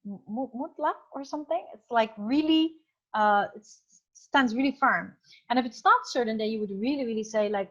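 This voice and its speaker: A woman's voice: a little high, normal speed, dull audio. A woman teacher giving an online class. She explains through many examples and thinks aloud with fillers. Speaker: English teacher.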